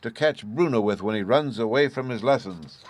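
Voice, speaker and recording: A man reading an audiobook, voicing a gentle, kind little girl in a soft, sweet voice. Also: mid-range voice, lively intonation, normal speed, lightly acted.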